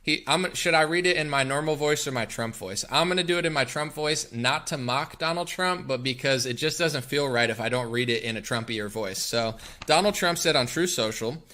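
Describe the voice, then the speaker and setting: A man's voice: mid-range voice, moderate pace, few pauses, bright, forceful tone. A man hosting a political commentary podcast, talking in a combative, emphatic rant. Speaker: podcast host.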